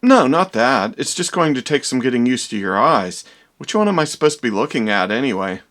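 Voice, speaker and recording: A man's voice: mid-range voice, very animated, brisk, fairly bright tone. A man playing a vain, dramatic young doctor in a comedy parody, with theatrical, exaggerated delivery.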